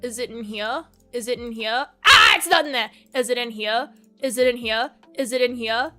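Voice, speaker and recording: High, bright woman streamer. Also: normal speed, faint music behind. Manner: rambling, crude and profane, laughs often. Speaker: VTuber streamer. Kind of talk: casual livestream chat.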